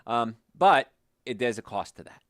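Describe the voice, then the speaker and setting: Lively, animated male health-show host. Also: moderate pace, dry recording, clean studio sound. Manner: animated, storytelling, quotes patients in lowered voice. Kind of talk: casual health talk to listeners.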